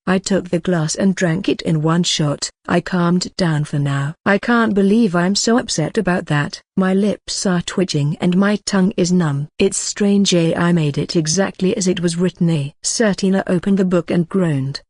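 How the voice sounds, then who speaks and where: A woman reading a translated novel as an audiobook, in an even manner that voices punctuation marks aloud. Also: fairly low pitch, unhurried, hardly any pauses, dry recording, studio quality. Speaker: audiobook narrator. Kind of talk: scripted narration of a translated novel.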